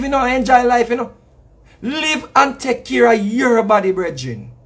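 Speaking in a very high-pitched, fairly bright voice, a reggae artist with a Jamaican accent delivers a casual, preachy monologue. He repeats himself for emphasis and tosses in slang asides.

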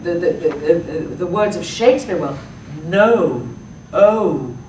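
A woman, an actress talking through her thoughts in a public talk, halting often with fillers and restarts. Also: lowish voice, warm tone, slight background noise. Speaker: actress answering audience questions. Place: public library talk room. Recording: echoey room from far off.

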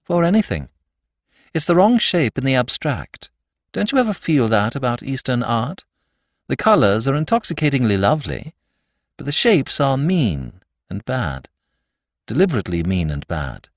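A man's voice: very animated, moderate pace, no room sound, studio quality. Father Brown, a man doing a dreamy priest. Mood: earnest. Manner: low, musing and solemn. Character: mild, dreamy middle-aged priest detective.

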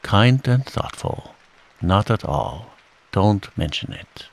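A man's voice: lowish voice, lively intonation, takes it slowly, creaky, heavily acted. A man voicing a gloomy, self-pitying old male donkey in a mournful, dry way.

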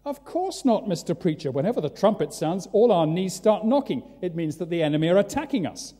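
A man voicing a cheeky townsperson who shouts answers back at a street preacher, in a church with a long reverb. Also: big pitch swings, a little fast. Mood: mocking. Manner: high, mock-indignant replies.

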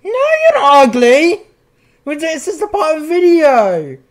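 A man's voice: very high-pitched, huge pitch swings, unhurried. A young man hosting his channel, chatting in a goofy, playful way while he plays a game. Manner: goofy, playful, bursts into silly voices. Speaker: channel host. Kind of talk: casual gaming chat.

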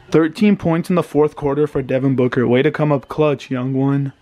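A man's voice: on the high side, steady tone, unhurried, dark tone. A young man in his twenties reacting live to a basketball game at home, anxious and pleading, swearing and groaning as he talks into a handheld camera. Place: home, indoors.

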